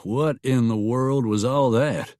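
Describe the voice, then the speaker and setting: A man's voice: mid-range voice, takes it slowly, a little mellow, dry recording, studio quality, voice pushed up, close to an everyday voice. A man voicing a blunt, teasing small-town sheriff in a Western audiobook. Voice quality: wry, blunt.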